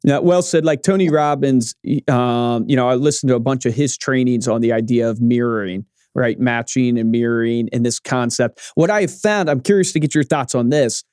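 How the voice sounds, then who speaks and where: A man's voice: medium pitch, moderate pace, few pauses, a little mellow, clear, resonant tone, dry recording, clean studio sound. A man co-hosting a podcast, asking questions in a casual, enthusiastic way. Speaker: podcast co-host. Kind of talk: casual interview talk.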